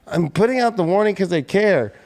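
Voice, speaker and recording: A man with a high voice delivers an angry, heated livestream rant, swearing constantly at his viewers. He sounds like a tarot host who has run out of patience. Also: lively intonation, brisk, darkish tone. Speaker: astrologer and tarot reader hosting his channel.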